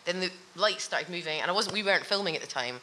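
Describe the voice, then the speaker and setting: Woman, animated storyteller, laughs a lot, podcast guest, noisy recording. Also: fairly low pitch, fast talker. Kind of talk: casual chat. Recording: noticeable background noise.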